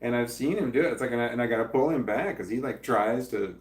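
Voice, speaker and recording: A man's voice: mid-range voice, quick pace, few pauses, reverberant, far from the mic. A man chatting casually on a livestream, reading viewer comments aloud, rambling and swearing freely with frequent laughs. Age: adult parent.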